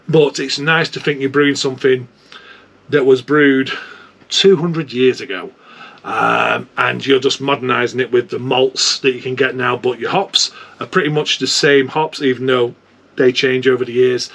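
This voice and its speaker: Husky British man, chatty homebrew vlogger. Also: medium pitch, fairly bright tone. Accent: British English. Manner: chatty, informal and rambling. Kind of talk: casual chat.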